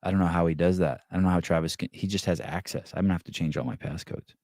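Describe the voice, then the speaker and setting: A middle-aged man hosts a casual podcast in a low, deep voice. He jokes crudely and swears freely, and he slips into voiced quotes as he tells stories. The sound is dry and close, with no room echo. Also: fast. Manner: profane, joking, animated storytelling with voiced quotes. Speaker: podcast host.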